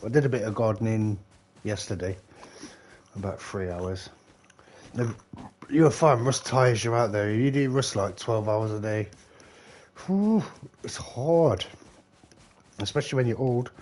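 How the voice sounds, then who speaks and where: A man's voice: on the low side, darkish tone. A British man chatting casually while gaming on a live stream, rambling, swearing and laughing often, a little tipsy. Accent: British English. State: slightly tipsy.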